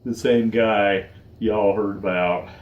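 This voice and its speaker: A man in his forties, choked up and close to tears, speaking slowly and haltingly in a heartfelt personal vlog. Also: lowish voice, fairly even intonation, echoey room, narrow, tinny audio. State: choked up, tearful. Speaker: vlogger.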